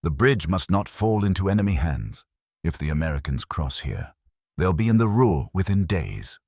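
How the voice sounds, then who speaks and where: Stern officer voiced by a man, clipped, threatening, very low, dry. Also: sing-song, normal speed, darkish tone, breathy edge, dry recording, exaggerated voice. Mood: commanding. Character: stern cold male German colonel.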